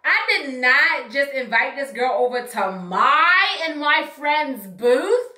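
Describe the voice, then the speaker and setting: A young woman telling a storytime on her vlog, sassy and animated, acting out what people said. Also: high voice, takes it slowly, reverberant, far from the mic. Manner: sassy, animated, acts out quotes.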